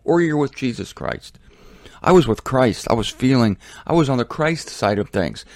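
A man gives a casual Bible teaching with animated storytelling and mocking asides. His voice is mid-pitched and the recording is dry and close. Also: normal speed, dry recording. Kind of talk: casual sermon.

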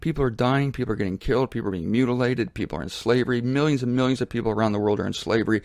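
A man hosting his own show, talking in a casual opinion monologue from a laundry room, emphatic and repetitive, with sudden jumps to a high pitch. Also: racing, creaky, hardly any pauses, a little mellow, no echo, clean studio sound. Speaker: show host.

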